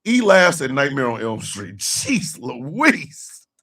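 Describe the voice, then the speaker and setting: A man chatting loosely with his livestream chat, telling a story loudly and profanely and often breaking into laughter. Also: medium pitch, wildly swooping pitch, slow pace, far from the mic.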